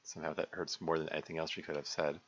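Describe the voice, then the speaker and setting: Male game developer narrating and commenting, bright tone, halting, dull lo-fi recording with faint music. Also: extremely low pitch, flat delivery. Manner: halting, filler-heavy, self-interrupting. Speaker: game mod developer and reader. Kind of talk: visual novel reading with commentary.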